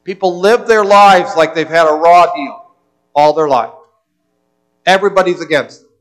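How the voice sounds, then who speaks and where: Male pastor with a high voice, earnest sermon delivery. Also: moderate pace, a bit bright, poor audio. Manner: earnest preaching, repeats words when restarting.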